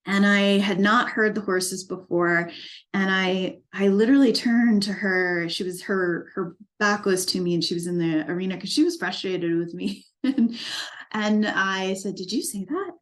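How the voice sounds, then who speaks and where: A woman's voice: medium pitch, steady tone, a little slow. A middle-aged woman, an equine life coach, telling her personal story in a documentary interview in an earnest, reflective and emotionally moved way.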